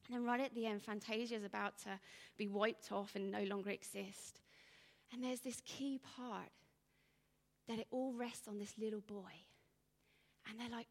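A woman in her thirties giving an informal, rambling talk, telling stories with bursts of animation and hushed asides. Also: mid-range voice, steady tone, normal speed, creaky, long reverb tail. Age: 30s.

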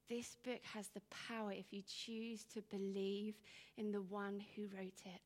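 A woman in her thirties giving an informal, rambling talk, telling stories with bursts of animation and hushed asides. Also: mid-range voice, level tone, measured pace, few pauses, in a large hall. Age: 30s.

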